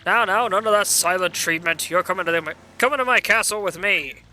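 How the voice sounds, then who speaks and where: A man's voice: high voice, brisk, bright, forceful tone. A man voicing a boastful, blustering turtle king in a fan playthrough of a video game. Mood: gloating. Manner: bombastic, blustering.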